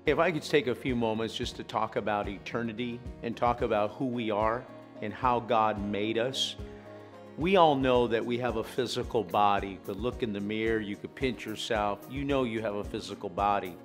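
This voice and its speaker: A man preaching a calm, explanatory sermon. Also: lowish voice, normal speed, soft background music.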